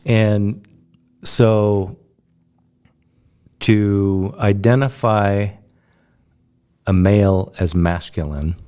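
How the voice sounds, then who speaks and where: Male co-host, very low, mellow voice, deliberate and reflective. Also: fairly even intonation, clear, resonant tone. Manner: slow, deliberate, thinks aloud in measured phrases. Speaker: podcast co-host. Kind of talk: casual chat.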